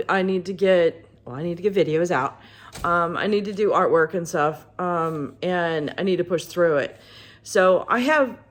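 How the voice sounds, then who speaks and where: A middle-aged woman with a husky morning voice, talking candidly about her art in a halting way with many pauses. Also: lowish voice, a bit bright. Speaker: artist vlogger. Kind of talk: casual personal talk to camera.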